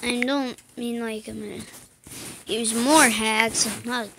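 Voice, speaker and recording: A woman giving casual let's-play commentary while she plays, muttering to herself, slipping into whispers and breaking into sudden excited outbursts. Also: on the high side, slow pace, vocal fry, heavy background noise.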